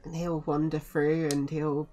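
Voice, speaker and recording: A woman's voice: low-pitched, level tone, unhurried, warm tone. A woman playing a tabletop role-play game, casually describing her character's actions in an amused way. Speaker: player.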